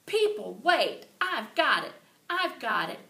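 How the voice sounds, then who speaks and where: Loud, squealy kindergarten girl voiced by a woman, bossy and thrilled, in a roomy space heard from a distance. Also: sing-song, moderate pace, gravelly, heavily acted. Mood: excited. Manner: shouting, thrilled, squealy high.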